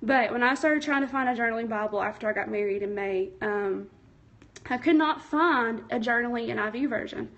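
A woman's voice: a little high, a little fast, fairly bright tone, dull audio. A young woman, chatty and a little nervous, hosting a casual craft livestream from home and answering viewer comments. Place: home, indoors. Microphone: phone.

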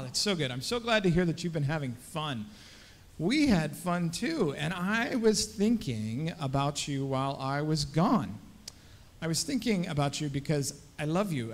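A man leading a children's message in church as pastor, coaxing the kids with many friendly questions. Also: a little high. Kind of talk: children's sermon. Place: church sanctuary. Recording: long church hall reverb.

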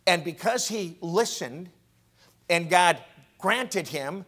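A man preaching a sermon as pastor in a college chapel. He is animated, moving from loud exclamations to hushed whispers. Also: a little high, slow pace.

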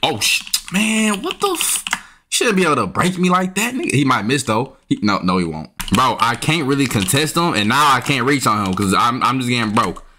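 Frustrated young gamer, lively swooping voice. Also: male voice, medium pitch, fairly quick, slight background noise. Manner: frustrated, trash-talking, yelps up when annoyed. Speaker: gaming YouTuber. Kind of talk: casual gameplay commentary. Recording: faint keyboard and mouse clicks.

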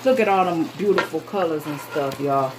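A woman's voice: deep voice, normal speed, background noise. Chatty woman cooking, pan sizzling behind. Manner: chatty, playful, frequently addresses viewers as y'all. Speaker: cooking vlogger. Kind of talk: casual cooking chat to viewers. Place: home kitchen. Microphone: phone. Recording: clear sizzling and stirring in the background.

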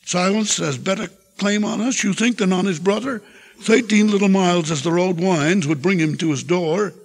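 An older man reading the part of a gruff, skeptical farmer in a dry, mocking way, with a gravelly, husky voice. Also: high voice, moderate pace, faint music behind. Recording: reverberant hall from an archive tape.

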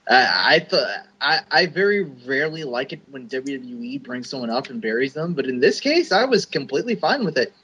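Stammering man with a bright voice. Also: medium pitch, very animated, a little fast, hardly any pauses, breathy edge, highs cut off. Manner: stammering, joking. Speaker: podcast co-host. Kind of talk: casual wrestling podcast chat.

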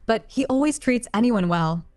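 A woman's voice: on the high side, animated, normal speed, a little mellow, soft background music, lightly acted. A woman reading a tipsy, heartbroken young woman's lines aloud in an audiobook, in nearly her own reading voice. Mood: tearful, sulky. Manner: plain read-aloud voice, barely changed from narration.

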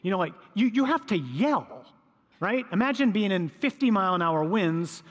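A man, a priest, preaching a sermon in a lively storytelling way, acting out voices from the scripture scene. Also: sits high, normal speed, long reverb tail, muffled recording. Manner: storytelling, acts out voices of disciples.

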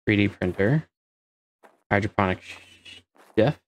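Man, very low voice, unhurried game commentary, thinks aloud, curses at setbacks. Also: lively intonation. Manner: mutters while figuring things out, swears when frustrated. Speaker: gamer playing a space survival game. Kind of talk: casual let's-play commentary.

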